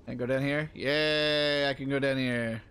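A man's voice: mid-range voice, little pitch movement, fast, smooth. A man streaming a video game live, chatting casually with viewers and reacting to the game as he plays. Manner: chatty, answers viewers while playing. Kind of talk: casual gaming commentary.

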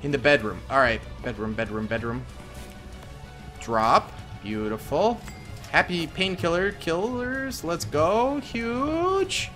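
A young man giving goofy, casual commentary over his own gameplay, muttering to himself and then yelling at a character. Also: on the high side, lively intonation, takes it slowly, faint music behind. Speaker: gaming YouTuber.

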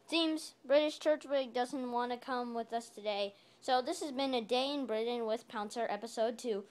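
A woman vlogging a playful home video, rambling along and calling out loudly now and then. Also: fairly high pitch.

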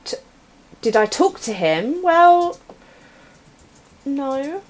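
A woman's voice: sits high, big pitch swings, very slow. A young woman streaming a retro adventure game, joking with viewers as she types commands. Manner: playful, chatting to viewers while typing commands. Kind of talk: casual live-stream commentary. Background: keyboard typing.

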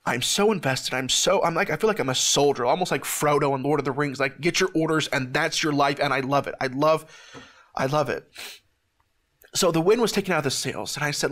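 A fairly high-voiced man speaks with halting earnestness, stumbling and restarting as he gives a heartfelt testimony. He is close to tears as he talks. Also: fairly bright tone. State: near tears. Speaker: host of a ministry show. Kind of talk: emotional testimony to camera.

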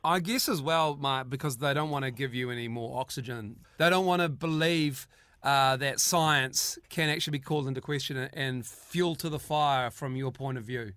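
A man's voice: medium pitch, moderate pace, fairly bright tone, clear, resonant tone, dry recording. A man co-hosting morning radio, blunt and cheeky with callers. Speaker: radio co-host.

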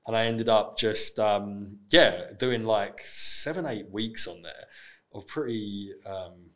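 A man's voice: fairly low pitch, takes it slowly, a bit bright. A man in his thirties from England with an Essex accent, a podcast guest talking frankly and casually, swearing freely and often restarting his sentences. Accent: Essex English. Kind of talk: casual interview chat.

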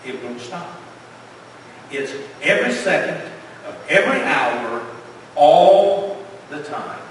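A man preaching a sermon as pastor, emphatic, asking rhetorical questions and dropping to a hush. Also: on the high side, sing-song, slow. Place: church sanctuary. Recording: echoey church hall from far off, faint noise.

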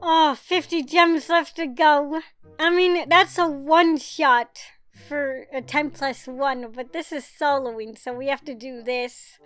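Woman, very high voice, slow delivery, excitable, pleading, dramatic, casual gaming commentary. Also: dry recording. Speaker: mobile game player.

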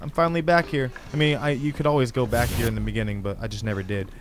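A man hosting a gaming channel, giving excitable, slangy commentary as he plays a horror game. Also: mid-range voice, quick pace, a little hiss or hum. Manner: excitable, exclamatory, casual slang. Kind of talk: let's play commentary.

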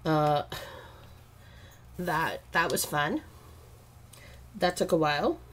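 A married woman chatting casually while she draws, rambling through stories and laughing often. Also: on the low side. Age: adult, married. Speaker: art vlogger. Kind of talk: casual chat while drawing.

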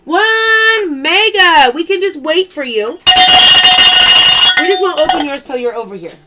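A woman's voice: sits high, expressive, normal speed. A woman hosting a live-streamed pearl sale, chatting casually, greeting viewers by name and reading out their comments. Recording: clear background noise.

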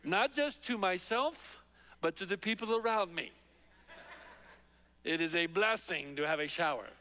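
A man, a pastor, preaching a verse-by-verse sermon in a conversational, emphatic way, dropping his voice low when he quotes scripture. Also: measured pace, sharp tone, in a large hall. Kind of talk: expository sermon. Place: large church sanctuary.

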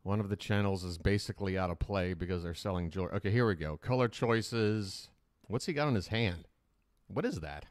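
A man's voice: low voice, fairly quick, dry recording, studio quality. A man hosting a live reaction stream, rambling in casual, profane commentary.

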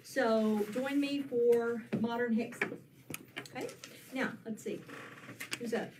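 A woman's voice: fairly high pitch, steady tone, slow pace. An upbeat woman teaching a quilting class, reassuring and laughing lightly. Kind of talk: casual class presentation. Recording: distant mic with faint noise.

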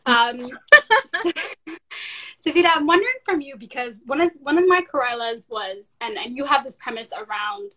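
A woman's voice: high-pitched, expressive, moderate pace, pushed and bright, poor audio. A woman moderating a panel discussion, enthusiastic, using Caribbean slang and asking long questions.

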